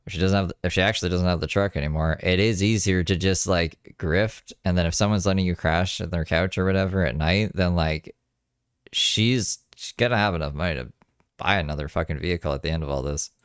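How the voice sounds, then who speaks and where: A man giving casual, gossipy commentary over a livestream, swearing freely and tossing in quick asides. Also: sits low, clear, resonant tone, no echo, clean studio sound. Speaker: commentary host.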